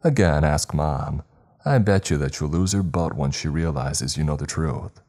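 A man's voice: very deep voice, animated, moderate pace, a little mellow, exaggerated voice. A man voicing a cruel, mocking unseen spirit who claims to be the narrator's brother, with a sneering, taunting manner.

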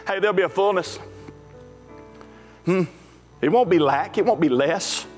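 With a high-pitched voice and an unhurried pace, a man preaches from the pulpit of a church sanctuary. His delivery is folksy and emphatic, building to shouts at climactic moments. The recording carries hall echo and faint music.

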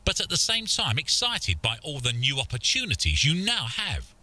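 A man's voice: mid-range voice, huge pitch swings, moderate pace, sharp tone. A man with a British accent, reading scripted narration for a game in a dry storybook delivery.

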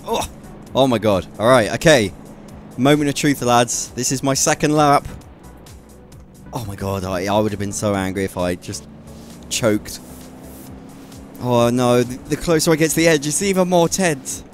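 A young man commentating his driving game, muttering to himself and then yelling and shrieking loudly at near misses. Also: medium pitch, moderate pace, long pauses, soft background music. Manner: swings from quiet muttering to shrieking yells. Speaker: gaming YouTuber. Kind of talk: excitable gameplay commentary.

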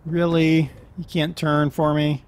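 A man's voice: a little high, completely flat delivery, slow pace, darkish tone. A man giving casual, joking commentary while playing a driving game, often laughing at himself. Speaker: gameplay commentator. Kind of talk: casual let's-play commentary.

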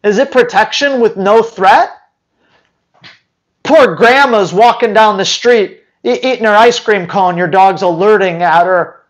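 A man's voice: sits high, unhurried. A man who hosts a dog training channel, answering viewer questions live in a blunt, teasing way full of rhetorical questions.

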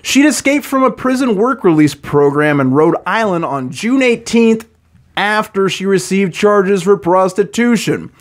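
A man hosts a podcast in loose, irreverent chat, breaking off to laugh. His voice sits a little high for a man. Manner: joking, irreverent, laughs often. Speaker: podcast co-host. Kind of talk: casual podcast chat, reading case notes.

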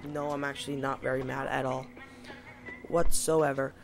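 A young woman talks her viewers through a game, exasperated and poking fun at herself. Her voice has a gravelly, fry-heavy texture. Clear game music plays underneath her home mic. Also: extremely low pitch, little pitch movement, normal speed. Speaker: gaming channel host. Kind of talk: let's-play commentary. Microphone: home mic that cuts out.

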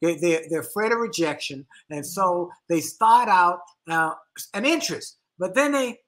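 A middle-aged man co-hosting a relationship talk show, speaking in an animated, emphatic way and often repeating words as he thinks. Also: high voice, moderate pace. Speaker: co-host.

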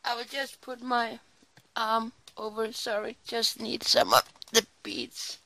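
Woman, crafting vlogger, bright gravelly voice, sleepy rambling chat, small home craft room. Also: on the high side, level tone, takes it slowly. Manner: chatty, rambling, apologetic asides. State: sleepy, early morning. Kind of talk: casual chat while crafting.

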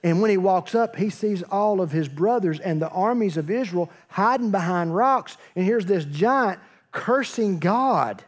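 A man's voice: high-pitched, lively intonation, a little slow. Storytelling pastor, man. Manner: storytelling, acts out dialogue, joking asides. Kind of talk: sermon.

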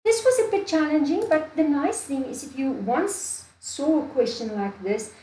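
A woman's voice: high voice, very animated, moderate pace, mellow, a little hiss or hum. A woman from Namibia teaching a maths lesson. She thinks aloud, repeats steps and keeps checking with "do you see?". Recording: echoey room with faint ambience.

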